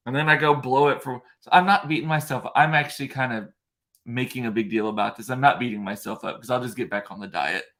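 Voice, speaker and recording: A fast-talking man from South Texas vlogs in a casual live-stream chat, his medium pitch carrying a fairly bright tone. He meanders with lots of fillers and restarts, now and then answering comments from viewers.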